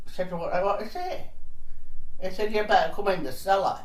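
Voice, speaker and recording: A woman's voice: medium pitch, fairly quick, recorded from a distance. An older woman, telling cheeky anecdotes in a chatty interview and laughing between stories. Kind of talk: casual storytelling. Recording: roomy sound, voice off-mic.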